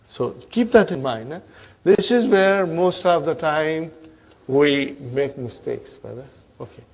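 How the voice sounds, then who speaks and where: A man's voice: on the high side, expressive, measured pace. A man teaching grammar in a lesson, drilling verb forms and checking in with "huh?" and "okay?", calling his student brother. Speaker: Arabic teacher.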